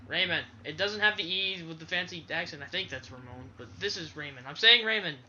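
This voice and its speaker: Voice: mid-range voice, fairly quick, sharp tone, muffled recording, a little hiss or hum. Rambling sarcastic game commentator. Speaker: let's play commentator. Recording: game music behind the voice. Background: game music.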